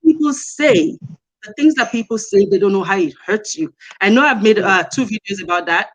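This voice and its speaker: A woman from Nigeria, speaking as a guest on a live stream. She tells personal stories earnestly and stresses her points by repeating them, in a voice of middling pitch. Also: lively intonation, normal speed, rough recording.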